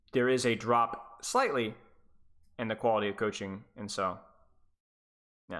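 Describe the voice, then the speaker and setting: A man working as an esports coach chats casually on a live stream, rambling, stuttering, and restarting sentences as he goes. His medium-pitched voice is bright and forward.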